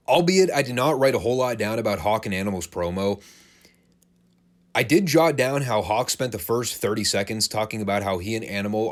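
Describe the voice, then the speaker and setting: A man giving a casual recap of old wrestling shows, animated, laughing and swearing freely. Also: lowish voice. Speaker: wrestling show reviewer.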